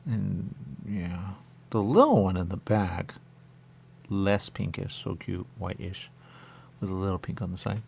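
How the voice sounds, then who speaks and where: A man's voice: low-pitched, a little slow, creaky, a little mellow, slightly rough. A man hosting a radio show, rambling in a loose monologue full of repeated catchphrases and acted-out quotes. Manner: meandering, repeats catchphrases, acts out quoted voices.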